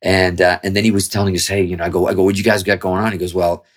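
A man's voice: low-pitched, little pitch movement, very fast. A man, a musician guest in an interview, telling a long story casually with lots of swearing and restarts. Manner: rambling, profane, with frequent restarts.

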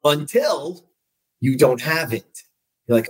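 A man's voice: mid-range voice, lively intonation, normal speed, a bit bright, husky, poor audio. A man hosting a casual conversation, reflective and recapping points with asides. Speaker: podcast host.

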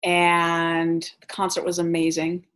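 A woman vlogger telling travel stories in a chatty, animated way, laughing as she goes. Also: fairly low pitch, slow. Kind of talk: casual storytelling vlog.

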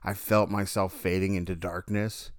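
Man, very low voice, dry close sound, rambling casual storytelling, self-corrections. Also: moderate pace, dry recording. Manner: rambling, self-correcting, animated when telling dreams.

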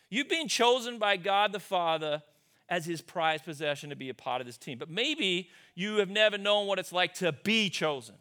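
A male pastor delivering a sermon in an animated, conversational storytelling style. His voice is high-pitched and bright. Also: moderate pace.

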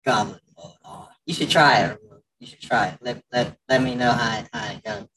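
A man's voice: medium pitch, recorded from a distance, crowd noise, low-quality recording. Teasing man, a little off-mic. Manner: joking, teasing, talks in quick restarts. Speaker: podcast host. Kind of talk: casual podcast banter.

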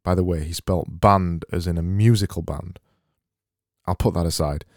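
A man's voice: low voice, steady tone, normal speed, creaky, no echo. A man hosting a casual solo podcast, reading out listener messages with dry, self-mocking humour. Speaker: podcast host.

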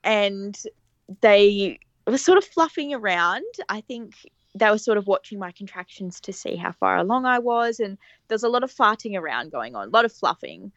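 Brief: young woman, chatty podcast guest, expressive storyteller, slightly dull and dry recording. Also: medium pitch, normal speed, no room sound. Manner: animated, laughs often, acts out quoted lines. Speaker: podcast guest telling her birth story. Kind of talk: casual storytelling interview.

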